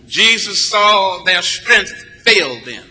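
A preacher from Texas builds his sermon with rhythmic, emphatic repetition. His voice is high and very bright, and the long reverb of a large church follows his words. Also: expressive, slow, soft background music. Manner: rhythmic, emphatic, with repeated phrases. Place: church sanctuary. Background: congregation answering back.

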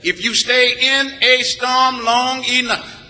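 A preacher from Texas builds his sermon with rhythmic, emphatic repetition. His voice is high and very bright, and the long reverb of a large church follows his words. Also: flat delivery, takes it slowly. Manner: rhythmic, emphatic, with repeated phrases. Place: church sanctuary. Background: congregation answering back.

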